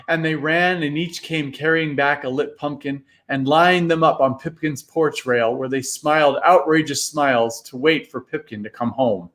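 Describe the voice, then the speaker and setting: A man reading a storybook aloud in a live reading, with an expressive, dramatic delivery. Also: fairly high pitch, normal speed, few pauses.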